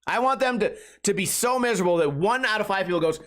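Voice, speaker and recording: A man in his thirties with a somewhat high voice hosts a loose comedy podcast. He rambles crudely and swears freely, stringing his thoughts together with constant filler words. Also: expressive, fast talker, fairly bright tone. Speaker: podcast host. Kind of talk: casual comedic podcast monologue.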